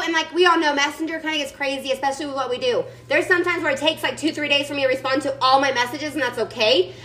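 A woman's voice: high voice, pushed and bright, poor audio. A woman giving her team a chatty, emphatic motivational pep talk over a video call, sassy and calling everyone y'all. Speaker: team leader speaking to her sales team.

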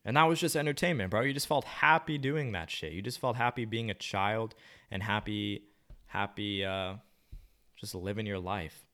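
Very deep-voiced laid-back young man. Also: moderate pace, pushed and bright. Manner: laid-back, slangy, swearing, musing aloud. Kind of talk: casual rambling monologue.

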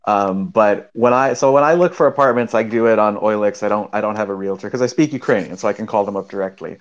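A man's voice: fairly low pitch, quick pace. Man from New York, dull lo-fi audio. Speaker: participant in an online audio chat. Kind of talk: casual storytelling in a group chat.

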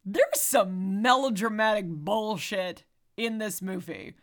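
A woman's voice: mid-range voice, slow. A woman co-hosting a casual movie podcast, talking candidly and swearing freely. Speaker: podcast co-host.

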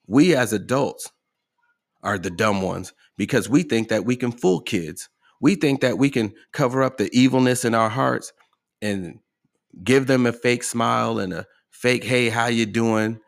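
Using a lowish voice with vocal fry, a podcast host gives motivational talk. He's emphatic and asks his listeners rhetorical questions.

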